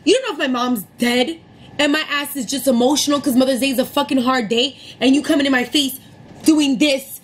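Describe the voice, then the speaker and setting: A woman's voice: high-pitched, a little fast, low-quality recording. Heated, profane young woman ranting. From New York City area. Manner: profane, heated, animated retelling. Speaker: vlogger telling a story. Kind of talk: casual storytime rant.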